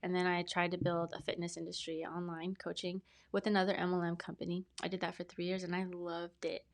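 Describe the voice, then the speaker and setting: Earnest, rambling woman with a lowish voice. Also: monotone, brisk. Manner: earnest, rambling, many fillers and restarts. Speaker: podcast guest, brand specialist. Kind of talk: casual interview storytelling.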